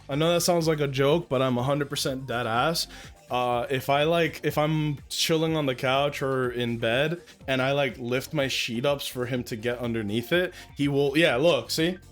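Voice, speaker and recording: A man's voice: medium pitch, moderate pace, faint music behind. A young man streaming from home, chatting casually to his viewers and cooing baby talk at his cat, swearing now and then. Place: at home indoors. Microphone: desk mic, handled up close.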